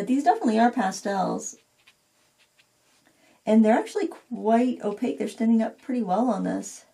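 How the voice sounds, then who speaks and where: Gravelly-voiced woman painting and thinking aloud. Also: medium pitch, darkish tone. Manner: thinking aloud while painting, self-critical and candid. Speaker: craft video host. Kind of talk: casual painting tutorial talk.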